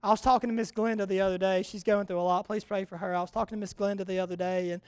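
High-voiced young preacher man. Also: racing, clean tone, no room sound. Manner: animated storytelling, repeats key words for emphasis. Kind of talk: sermon.

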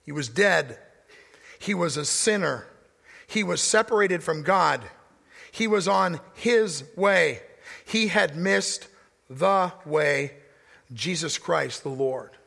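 Guy preaching in a big echoey church, bright gravelly voice, gets loud then goes real quiet. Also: fairly high pitch, expressive, takes it slowly, pauses often. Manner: emphatic preaching, swings from loud to hushed. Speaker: pastor. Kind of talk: sermon. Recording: long hall reverb.

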